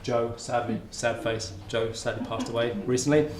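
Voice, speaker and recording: A man's voice: mid-range voice, steady tone, moderate pace, slight background noise. A man giving a conference talk in a lecture room, in an informal, conversational way. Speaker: academic speaker. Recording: roomy lecture hall with faint ambience.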